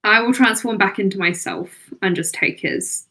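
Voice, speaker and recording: A woman's voice: mid-range voice, moderate pace, sharp tone. A woman playing a tabletop game, jokey and laughing between her lines. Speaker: player. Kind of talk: casual tabletop play.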